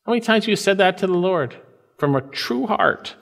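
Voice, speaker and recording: A man preaching a sermon, reading scripture slowly and with weight, swinging between raised, emphatic lines and low, hushed ones. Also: expressive, gravelly, long reverb tail. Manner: reads scripture aloud with slow, weighty emphasis. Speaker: pastor.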